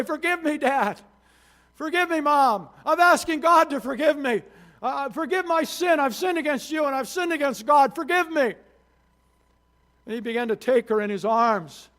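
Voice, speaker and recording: A male pastor preaching a sermon in church, telling a story with many restarts and rising to emphatic peaks. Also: sits high. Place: church sanctuary.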